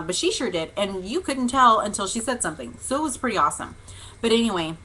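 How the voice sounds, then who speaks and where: A woman's voice: on the low side, bright, forceful tone, a little hiss or hum, poor audio. A woman hosting a casual devotional vlog, telling a long story in a chatty, rambling way with many fillers and restarts. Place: home livestream. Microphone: webcam or computer mic.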